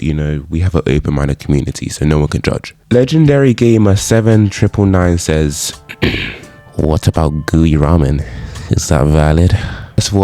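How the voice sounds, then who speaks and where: A man's voice: low voice, no room sound. A young man talking casually and jokingly as he rates meals in a vlog. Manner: joking, animated, slangy. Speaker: food vlogger.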